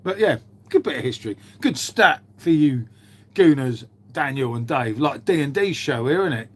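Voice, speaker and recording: A man's voice: medium pitch, expressive, normal speed. A man, chatting casually on a live stream, swearing freely and bantering as he answers viewers' chat. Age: 50s.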